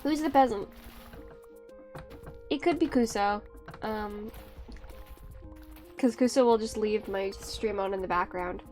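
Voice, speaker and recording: Give me a soft-spoken woman streamer, slow and rambling as she talks to viewers. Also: medium pitch, faint music behind. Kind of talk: casual live-stream chat.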